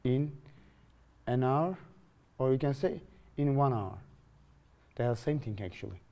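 Lively man teaching grammar. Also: medium pitch, measured pace. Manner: lively, questioning, repeats phrases to students. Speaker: English teacher. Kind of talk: classroom grammar lesson.

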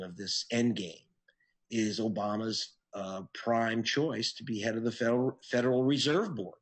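A man answering interview questions as an investigative reporter, telling his story in an earnest, animated way. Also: husky. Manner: earnest, animated storytelling with sudden pitch jumps.

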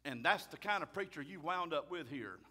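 A man, a pastor preaching a fiery sermon loudly and emphatically. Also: a little high, animated, brisk. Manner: loud, emphatic, raises his voice.

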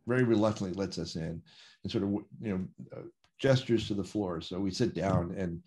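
A man telling a personal story in a relaxed, anecdotal way, acting out the dialogue of the people in it. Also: deep voice, a little fast. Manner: vivid anecdotal storytelling, acts out dialogue with quoted voices. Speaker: interview guest. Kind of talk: casual storytelling.

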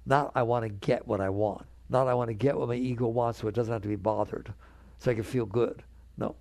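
A man's voice: mid-range voice, fairly even intonation, brisk, darkish tone, no room sound, clean studio sound. A man giving a spiritual talk to an audience, earnest and conversational, coaxing his listeners along. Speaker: spiritual teacher.

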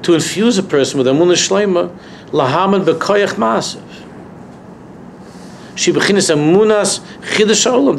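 A rabbi leads a Torah class for students in a university lecture room, hammering home key phrases and climbing to passionate high points. His voice sits high with vocal fry, and there's a little hiss or hum on the recording.

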